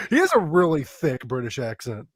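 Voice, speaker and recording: Joking man, lively pitch. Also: normal speed, no room sound, studio quality. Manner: jokey, laughing often, swears casually. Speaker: podcast co-host. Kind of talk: casual chat doing impressions.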